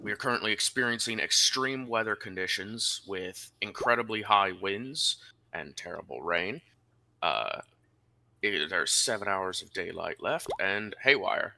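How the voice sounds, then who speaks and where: A man's voice: on the low side, animated, measured pace, vocal fry, bright, forceful tone. A man running a tabletop wargame as game master, narrating in a theatrical, announcer-like way.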